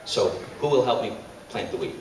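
A man's voice: fairly low pitch, lively intonation, normal speed, a little hiss or hum. A man voicing a hardworking, put-upon little red hen in a storytelling speech, with an earnest, slightly raised voice. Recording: echoey room, distant mic.

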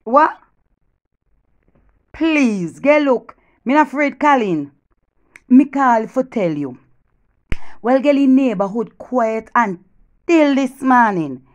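A woman with a Jamaican accent doing a comic one-sided phone call, gossiping animatedly and swinging between loud boasts and hushed whispers. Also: sits high, lively intonation, slow pace, pauses often.

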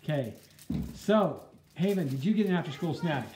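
A woman's voice: deep voice, animated, moderate pace, echoey room, a crowd in the background. A woman in her thirties, a family vlogger chatting upbeat and straight to viewers at home. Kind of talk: casual home vlog to camera.

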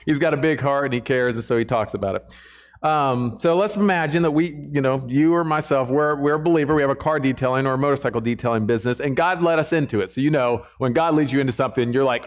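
A man's voice: mid-range voice, brisk. A man preaching a sermon to a church congregation in a conversational way, often checking in with the listeners.

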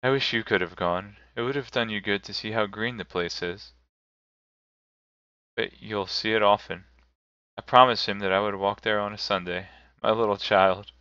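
A man's voice: lowish voice, steady tone, moderate pace, pushed and bright, clear, resonant tone, no room sound, highs cut off. A man voicing a poor, loving father in grief, earnest and plain-spoken, in a live reading of a classic novel. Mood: sorrowful.

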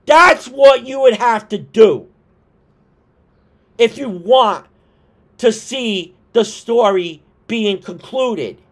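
A man talks through a casual wrestling vlog, his voice sitting high for a man. He drawls his points out slowly, tossing in swears and exasperated asides. He has the hiccups. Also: lively intonation, a bit bright. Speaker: wrestling commentator vlogger.

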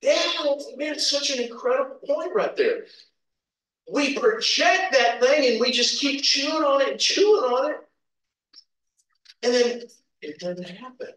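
Folksy preacher in an echoey church. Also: male voice, extremely high pitch, lively intonation, a little slow, fairly bright tone. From Kentucky, USA. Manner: folksy, chuckling, calls out amens. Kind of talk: informal sermon with personal stories. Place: church sanctuary. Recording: echoey church hall, distant mic.

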